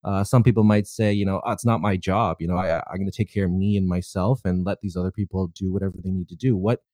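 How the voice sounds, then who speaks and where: A male host with a low, mellow voice chats casually with his guest, rambling along and leaning on fillers as he builds up to a question. The sound is dry and close. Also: steady tone, fast talker, no room sound. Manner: rambling, many "you know" fillers. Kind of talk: casual interview chat.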